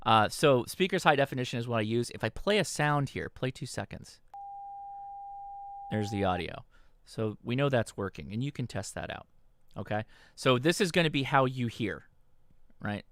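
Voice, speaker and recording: A man's voice: mid-range voice, animated, moderate pace, long pauses, fairly bright tone. A man hosting a livestream tutorial, talking through a setup step by step in an instructional tone and checking in with the audience. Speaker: host. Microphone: desk microphone.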